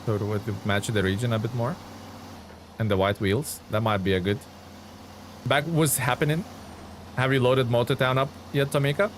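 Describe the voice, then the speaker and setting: Male streamer, young adult, relaxed chatty play-by-play with faint background noise. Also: mid-range voice, moderate pace, long pauses. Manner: chatty, reads chat aloud and answers viewers. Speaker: game streamer. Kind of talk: casual live-stream commentary.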